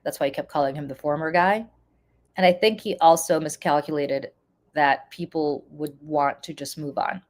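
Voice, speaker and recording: A woman's voice: sits low, moderate pace. A woman with a congested voice, giving casual live-stream political commentary and chatting with viewers, with frequent ums.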